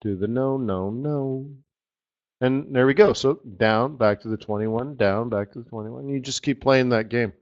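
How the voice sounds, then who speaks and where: A man hosting a live trading webinar, walking viewers through charts in an excitable, slangy, chatty way. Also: mid-range voice, normal speed, few pauses. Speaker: forex trading webinar host. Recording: slightly dull lo-fi audio.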